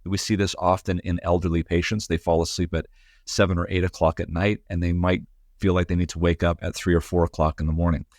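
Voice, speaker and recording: A man's voice: deep voice, little pitch movement, quick pace, darkish tone, no echo, studio quality. A man, a sleep medicine doctor, explaining clinical matters in a radio interview, with frequent fillers.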